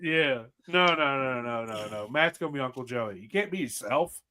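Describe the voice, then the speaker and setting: A man's voice: mid-range voice, expressive, normal speed, bright, forceful tone. A man, hosting a podcast and telling rambling, profane stories in casual chat. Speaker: podcast host.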